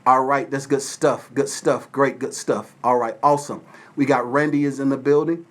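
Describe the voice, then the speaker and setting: A man from Atlanta, Georgia, hosting a casual livestream from his phone at home and shouting out viewers by name. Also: medium pitch, level tone, moderate pace. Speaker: livestream host. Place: at home with windows open.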